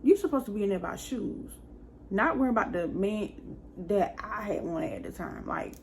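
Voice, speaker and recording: A woman's voice: medium pitch, lively intonation, normal speed, gravelly, noisy background. A young woman vlogger telling a casual storytime, chatty and exasperated, full of asides.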